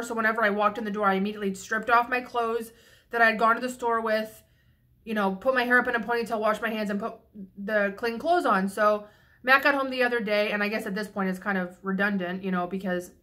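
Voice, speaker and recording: Young woman, vlogger, slightly high voice, bright sharp tone, frank profane rambling, a little tipsy. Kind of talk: casual venting monologue.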